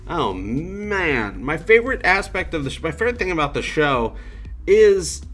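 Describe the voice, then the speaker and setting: A man's voice: mid-range voice, fairly bright tone. A man hosting a casual livestream, reading out viewer comments and joking around in a loose, rambling way. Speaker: livestream host.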